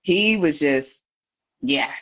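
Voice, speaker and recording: A woman's voice: low voice, drawn-out words. A woman guest telling her own story in a candid interview, laughing often and acting out what others said. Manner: lively, laughing, acts out voices of others. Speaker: podcast guest. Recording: slightly dull lo-fi audio.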